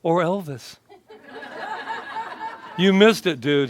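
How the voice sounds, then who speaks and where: A man's voice: on the high side, unhurried, fairly bright tone, slight background noise. A male minister giving a casual, joking sermon and chatting with his congregation. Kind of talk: conversational sermon.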